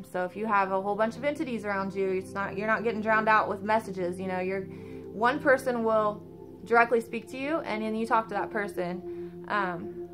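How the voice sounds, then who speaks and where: A woman casually telling a personal story about an out-of-body experience, animated and informal, with lots of fillers and casual swearing. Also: mid-range voice.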